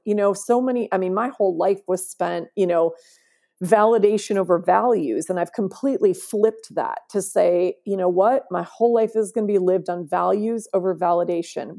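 A woman's voice: medium pitch, vocal fry, dark tone. A woman speaking as a podcast guest, earnest and emphatic, often checking in with "right?". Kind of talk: conversational interview.

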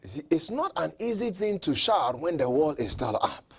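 A man preaching a sermon who acts out mocking onlookers and builds up to fervent shouting. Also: a little high, sing-song, normal speed, breathy edge.

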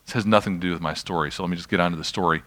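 A man's voice: low-pitched, very fast, fairly bright tone. A middle-aged man preaching a sermon, telling stories in a conversational way and adding self-deprecating asides as he leads a healing ministry. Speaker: pastor leading a healing ministry.

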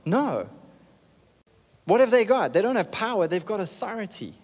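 High-voiced preacher, echoing hall. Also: male voice, moderate pace. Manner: animated, emphatic, calls for amens. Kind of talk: sermon.

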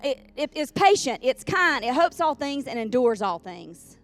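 Woman preaching, soft music behind. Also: high voice, lively intonation, measured pace, hardly any pauses. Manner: folksy, repeats lines for emphasis, calls on the congregation. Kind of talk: sermon. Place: church sanctuary.

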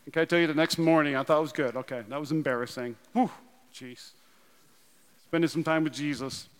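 A man in his thirties from North Dakota, preaching a sermon with animated storytelling and self-deprecating humor. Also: fairly high pitch, brisk, clear, resonant tone. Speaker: pastor. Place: large church auditorium. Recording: long hall reverb.

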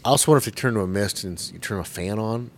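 A man's voice: lowish voice, rapid-fire. Sarcastic guy cohosting a podcast, swears a lot, laughs at his own jokes. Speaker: podcast co-host. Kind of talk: casual chat.

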